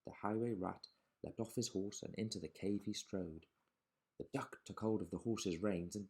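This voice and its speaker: A man reading a children's picture book aloud in a lively, sing-song storytelling way. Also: deep voice, normal speed.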